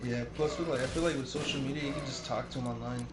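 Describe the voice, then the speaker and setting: A man's voice: mid-range voice, fairly even intonation, fast, echoey room, heavy background noise. A man in his early twenties chatting casually, telling rambling stories and swearing freely. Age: 20s. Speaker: streamer. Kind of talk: casual chat.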